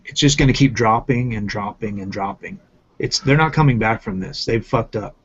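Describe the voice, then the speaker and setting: A man's voice: fairly low pitch, normal speed, fairly bright tone, husky. A man ranting in casual commentary, swearing often and repeating himself for emphasis. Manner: profane, emphatic, repetitive ranting. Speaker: channel host. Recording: muffled lo-fi audio.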